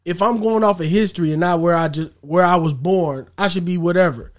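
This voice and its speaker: A young man talking in a casual group chat, animated and rambling, with slangy speech. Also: high-pitched, a little fast.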